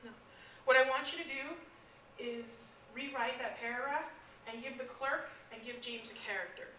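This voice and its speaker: A woman teaching a classroom writing lesson, asking lively questions and restarting her sentences. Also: fairly high pitch, moderate pace, a little hiss or hum. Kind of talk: classroom instruction. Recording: echoey classroom, from far off.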